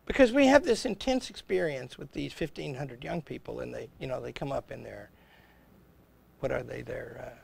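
A man's voice: mid-range voice, lively intonation, moderate pace, vocal fry, breathy edge. An older man, a college president, chatting casually and telling stories, often acting out the voices in his anecdotes. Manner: rambling storyteller, chuckles, acts out quoted exchanges. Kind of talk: casual conversation on a livestream.

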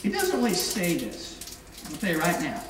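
A man's voice: high voice, moderate pace. Man preaching in an echoey hall. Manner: lively storytelling, acting out quoted voices. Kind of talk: sermon. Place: church sanctuary. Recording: echoey hall from far off, noisy.

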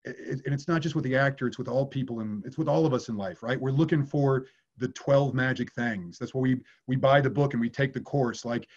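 A man's voice: mid-range voice, a little fast, hardly any pauses, highs cut off. A man working as an acting coach, answering viewer questions in a candid way and swearing casually.

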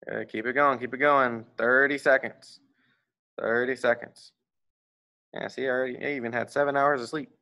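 A man teaching a martial arts class, leading a warm-up with encouraging, casual coaching and offhand asides. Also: mid-range voice, fairly even intonation, moderate pace, lo-fi sound.

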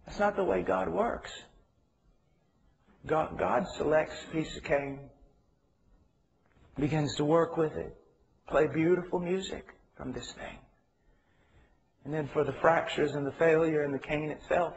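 High-voiced man preaching earnestly. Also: unhurried, creaky, slight background noise. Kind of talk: sermon. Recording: dull lo-fi recording.

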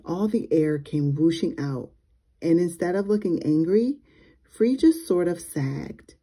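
A woman teacher reading a children's chapter book aloud in a gentle, measured way. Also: on the low side, animated, slightly rough.

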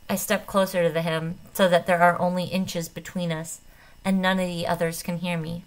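Woman reading an audiobook, expressive. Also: lowish voice, moderate pace, rough recording. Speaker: audiobook reader. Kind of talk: first-person audiobook narration.

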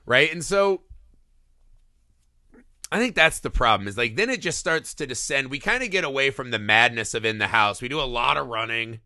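A man's voice: mid-range voice, moderate pace, no room sound, studio quality. A man co-hosting a film podcast, chatting casually and profanely about a movie. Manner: animated, profane, acts out movie lines. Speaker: podcast co-host. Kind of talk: casual film review chat.

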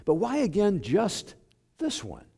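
A man preaching a sermon as pastor, unhurried and filling pauses with small hesitations. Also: gravelly, slightly rough. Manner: unhurried and lively in pitch, with fillers. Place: church sanctuary.

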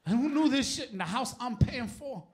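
Loud, high-voiced profane stand-up comic. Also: male voice, expressive, moderate pace, a little hiss or hum. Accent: New York. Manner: profane, shouting punchlines, laughing through bits. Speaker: stand-up comedian. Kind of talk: stand-up comedy set. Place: live comedy stage before an audience.

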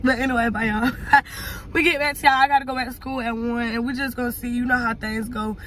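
Young adult woman, vlogger. High, bright and brash, rambling and profane, with faint car noise behind. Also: steady tone, fast. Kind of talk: casual vlog rant.

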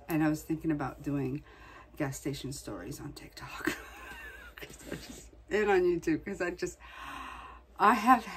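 A woman's voice: lowish voice, breathy edge. A woman vlogger chatting casually, venting in a blunt, profane way. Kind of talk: casual chat.

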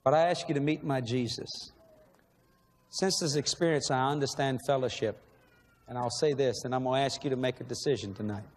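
A man's voice: mid-range voice, fairly quick. A man preaching a sermon in a large church, emotional and pleading, asking the same questions again and again. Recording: long echo of a large hall.

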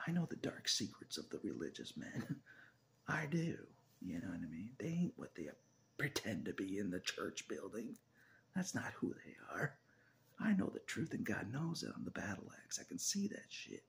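Deep gravelly man, laughing and whispering. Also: big pitch swings, normal speed, slight background noise. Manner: laughs often between phrases, swears, drops into whispers. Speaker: video blogger. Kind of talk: casual confessional monologue.

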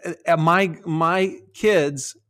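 A middle-aged man talking on a podcast in a lively, casual way, laughing often and slipping into silly voices. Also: a little high, slow. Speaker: podcast host.

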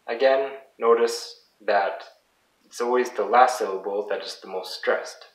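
A man's voice: medium pitch, moderate pace. A man who learned French as a second language, giving a casual video lesson and patiently repeating example words. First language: English. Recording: roomy sound from a distant mic.

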